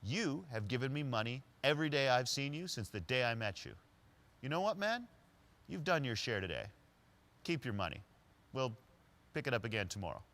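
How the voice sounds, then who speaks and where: A man's voice: medium pitch, sing-song, moderate pace, long pauses, a bit bright. Man doing a punchy street-wise homeless guy. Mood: warm.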